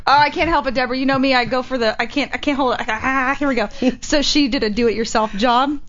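A woman's voice: high voice, steady tone, quick pace, a bit bright. A woman hosting a casual chat, telling rambling stories with many restarts, on a muffled recording. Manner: chatty storyteller, rambling with restarts. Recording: muffled lo-fi with faint hiss.

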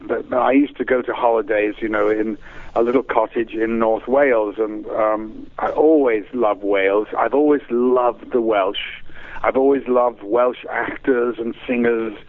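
A man's voice: mid-range voice, fairly even intonation, unhurried. English man on a tinny phone line. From England. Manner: rambling, hesitant, warm storyteller. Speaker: guest performer. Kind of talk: casual radio interview.

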